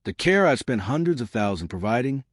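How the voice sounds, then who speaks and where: A man's voice: medium pitch, big pitch swings, fairly quick, no echo, studio quality. A man playing a cold, condescending rich father. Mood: cold menace. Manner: clipped, condescending, controlling. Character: wealthy middle-aged man, cold and menacing.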